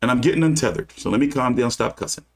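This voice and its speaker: A man's voice: medium pitch, animated, quick pace, creaky. Man ranting about boxing on a stream. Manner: reads news aloud then rants with cursing. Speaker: boxing channel host. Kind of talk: casual livestream commentary.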